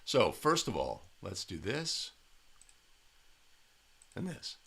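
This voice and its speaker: A man's voice: on the low side, huge pitch swings, takes it slowly, vocal fry, pushed and bright, husky. A man in a studio reviewing game video for basketball officials, speaking emphatically and tagging points with "right?". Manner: emphatic, coaching tone with frequent "right?". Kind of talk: video analysis commentary.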